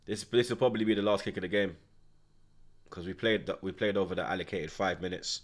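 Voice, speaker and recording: A man's voice: low voice, quick pace. Ranting man reacting to football. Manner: animated, ranting, London slang. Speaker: football watchalong host. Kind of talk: live match reaction commentary.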